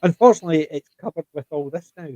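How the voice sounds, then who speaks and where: A man's voice: fairly high pitch, fast talker, no echo, rough recording. An older man with a Scottish accent, hosting a casual group chat and telling stories with acted-out quotes. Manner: chatty, animated storytelling with acted-out quotes. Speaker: host.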